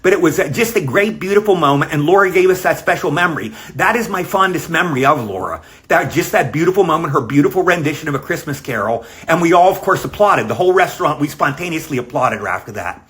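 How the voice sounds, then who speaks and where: A man's voice: fairly high pitch, lively intonation, fast, hardly any pauses. Older man rambling through a fond story. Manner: rambling, warm storytelling with fillers. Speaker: actor sending a video greeting. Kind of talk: casual recorded message. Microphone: self-recorded video.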